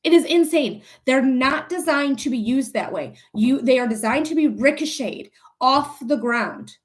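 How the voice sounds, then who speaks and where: A woman's voice: high-pitched, animated, a little slow. A young woman livestreaming as a psychic reader, ranting angrily and profanely while answering her chat viewers. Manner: angry, profane, addresses chat viewers by name. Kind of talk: live-stream chat and rant.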